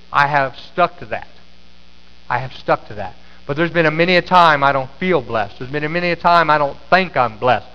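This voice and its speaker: A man's voice: fairly high pitch, clear, resonant tone. A middle-aged man preaching a sermon as pastor, telling a story with many restarts and fillers in a church sanctuary. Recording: echoey sanctuary, slightly dull sound.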